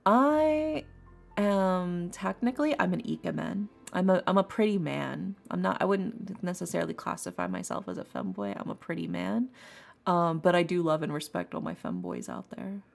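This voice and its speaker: Gravelly low-voiced woman streamer. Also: animated, moderate pace, darkish tone. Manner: rambling, chatty, laughs often, repeats herself. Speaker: streamer reading tarot. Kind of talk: casual live-stream chat. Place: home streaming setup. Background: faint lofi music.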